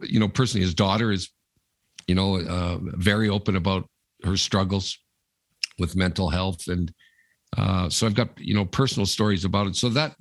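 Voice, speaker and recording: A man's voice: deep voice, no echo, clean studio sound. A man co-hosting a podcast, telling stories in a rambling, casual way with lots of fillers. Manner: rambling storyteller, many fillers. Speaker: podcast co-host. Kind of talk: casual chat.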